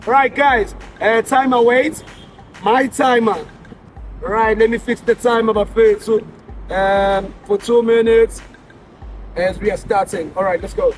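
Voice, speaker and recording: A man's voice: sits high, fairly even intonation, measured pace. A young South African man hosting a street challenge, playful and teasing as he hypes up contestants outdoors. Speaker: host of a street challenge show. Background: music playing.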